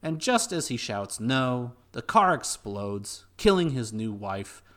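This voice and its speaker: A young man co-hosting a podcast, summarizing a film in a steady, orderly way with dry asides. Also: medium pitch, slow pace. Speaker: podcast co-host. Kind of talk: casual film recap chat.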